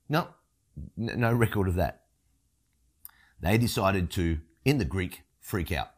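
A male pastor delivering a sermon with emphatic, storytelling energy. His voice is mid-pitched and swings lively up and down. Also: normal speed, pauses often.

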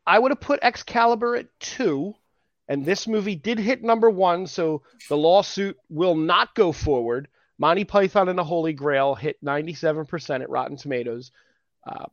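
A man's voice: on the high side, creaky, no room sound. A man co-hosting a casual geek news podcast, reading out rankings and joking with his co-host. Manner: jokey, reads out rankings and news items. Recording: dull lo-fi sound.

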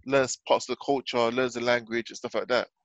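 A man telling stories in an animated casual chat. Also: mid-range voice, fairly quick, highs cut off, over a noisy crowd.

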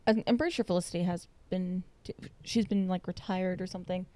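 A woman's voice: fairly low pitch, steady tone, brisk, dark tone. A young woman co-hosting a podcast, chatting casually and rambling with many fillers. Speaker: podcast co-host. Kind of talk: casual chat.

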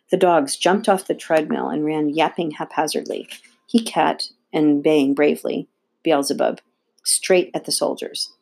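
Woman narrator, low voice, storybook read-aloud, steady and expressive. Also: vocal fry. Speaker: audiobook reader.

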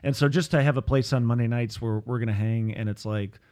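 A man in his thirties, a pastor and podcast host, chats in a loose, rambling way, full of fillers and restarts. He stays upbeat throughout, with an ordinary mid-range pitch. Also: fairly even intonation, fairly quick, darkish tone. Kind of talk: casual chat.

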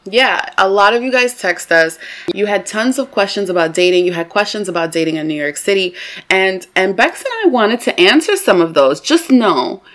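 A woman's voice: medium pitch, expressive, normal speed, fairly bright tone. A young woman co-hosting a comedy podcast, blunt and laughing, reading listener questions. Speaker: podcast co-host. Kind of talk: casual comedic chat.

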